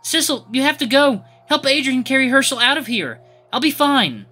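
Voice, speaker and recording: A man voicing a calm, selfless young woman in a visual novel he reads aloud, pitching his voice up and pleading. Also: a little slow, soft background music, exaggerated voice. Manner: raised pitch, earnest, pleading.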